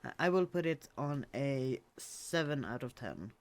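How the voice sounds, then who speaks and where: Man, podcast co-host, slow delivery, halting, casual movie chat. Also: mid-range voice, lively intonation. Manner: hesitant, restarts phrases.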